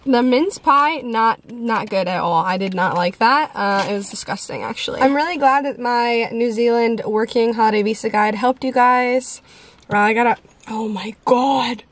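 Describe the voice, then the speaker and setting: A woman's voice: fairly high pitch, normal speed. A young American woman in her twenties, talking to her phone camera in a casual vlog, chatty and full of fillers. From United States. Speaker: vlogger. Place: outdoors on city streets. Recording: noisy street background.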